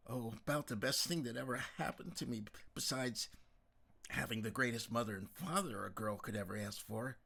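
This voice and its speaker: A man's voice: medium pitch, moderate pace, creaky, bright, forceful tone. A man voicing an earnest young woman in love, in an audiobook. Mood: gushing. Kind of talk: audiobook character voice.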